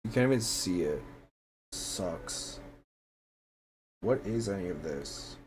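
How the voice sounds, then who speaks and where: Low, slow-talking male streamer. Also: lively intonation, darkish tone, a little hiss or hum. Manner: mumbling asides, mock-annoyed grumbling, frequent laughs. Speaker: VTuber streamer. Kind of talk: casual livestream chatter while decorating a room in a game.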